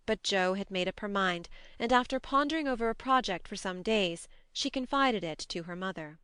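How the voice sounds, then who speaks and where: A woman narrating an audiobook in a measured, expressive reading. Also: medium pitch, smooth, dry recording, clean studio sound. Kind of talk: scripted narration.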